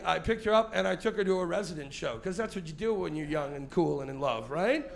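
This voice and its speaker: A man's voice: high-pitched, expressive, fairly quick, gravelly, hardly any pauses, a bit bright. A forty-year-old man doing a profane, crowd-baiting stand-up set on a club stage, sweating as he talks. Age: 40s. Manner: profane and confrontational, teasing the crowd. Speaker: stand-up comedian. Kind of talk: live stand-up comedy set.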